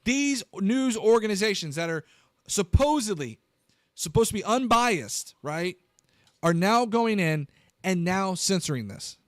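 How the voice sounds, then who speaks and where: A man hosting a live political commentary stream, animated and incredulous, talking straight to his viewers. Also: high-pitched, a little slow, no room sound, clean studio sound.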